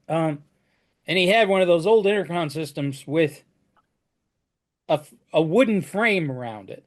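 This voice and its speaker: Higher-voiced man telling job stories. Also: normal speed, long pauses. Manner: storytelling with frequent restarts. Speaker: flooring contractor. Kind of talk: casual podcast chat.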